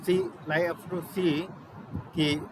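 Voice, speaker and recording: Young Indian man, fairly high voice, hesitant practice monologue, loud traffic behind. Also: fairly even intonation. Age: young adult. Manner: halting, searching for words, mixing in Hindi. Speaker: student practicing spoken English. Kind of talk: self-recorded practice monologue. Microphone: laptop microphone.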